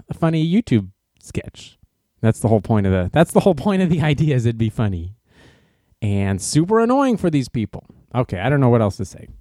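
A man giving casual opinion commentary in an animated, sarcastic way, laughing at his own jokes. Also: on the high side, no echo, studio quality. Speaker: commentary host.

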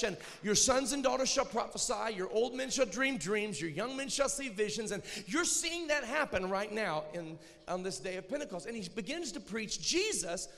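A man preaches with a notably high voice, dropping to near-whispers and then rising to full-throated shouts. He drives his points home through emphatic repetition. The sound rings with the long reverb of a large hall. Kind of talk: sermon.

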